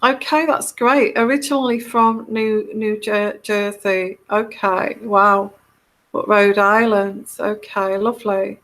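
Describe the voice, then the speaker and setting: A woman's voice: medium pitch, fairly even intonation, slow pace, fairly bright tone. A woman from Northern England with a Yorkshire accent, chatting casually with viewers on a live stream, full of ums and restarts. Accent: Northern English, Yorkshire. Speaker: tarot reader hosting a live chat.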